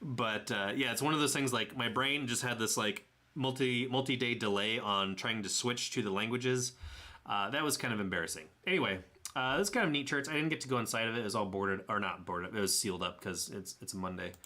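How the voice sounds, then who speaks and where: A man's voice: medium pitch, a little fast, bright, forceful tone. A young man with a Tennessee accent narrating his trip photos in a casual, rambling way, often correcting himself with a chuckle. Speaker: travel vlogger.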